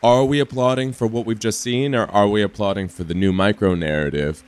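A man's voice: fairly low pitch, brisk, a little mellow, clean tone. A man interviewed as a reporter, explaining things in a lightly wry way. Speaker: interviewed journalist. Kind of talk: interview clip.

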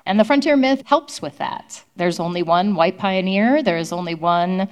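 A woman historian answering interview questions at a public event, telling stories in an animated, explanatory way. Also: on the low side, normal speed.

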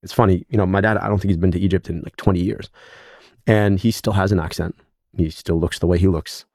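A man's voice: deep voice, fairly even intonation, fast talker, creaky, darkish tone, no room sound, studio quality. A man from the United States, a guest in an interview, telling reflective stories and acting out quoted dialogue. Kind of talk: conversational interview.

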